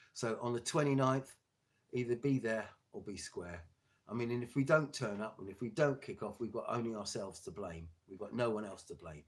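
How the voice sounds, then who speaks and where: A man, a glass maker, delivering an angry, sweary political rant to his viewers with halting restarts. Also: fairly low pitch. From England.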